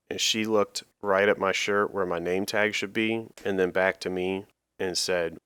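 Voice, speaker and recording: A man telling silly stories as a comedy host, with a wry, deadpan delivery. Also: sits low, normal speed, clear, resonant tone, no room sound. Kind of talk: comedic storytelling monologue.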